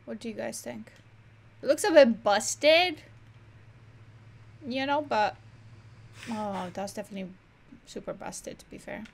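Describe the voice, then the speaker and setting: A woman's voice: on the high side, animated, unhurried, gravelly, pauses often. Chatty woman streamer commenting on gameplay. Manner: chatty, self-mocking, says "literally" a lot. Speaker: gaming streamer. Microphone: desk microphone.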